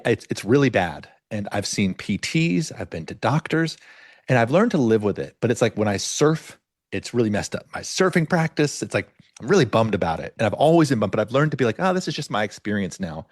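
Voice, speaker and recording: A middle-aged man hosting a podcast, telling a story in an animated way and acting out the voices of the people in it. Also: lowish voice, no echo, clean studio sound. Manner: animated storyteller, acts out quoted dialogue. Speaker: podcast host. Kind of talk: casual podcast conversation.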